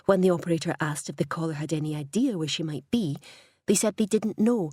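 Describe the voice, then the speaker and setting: Female audiobook narrator, low husky voice, measured and wry delivery, dry close recording. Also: lively intonation, mellow, no echo. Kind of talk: scripted narration.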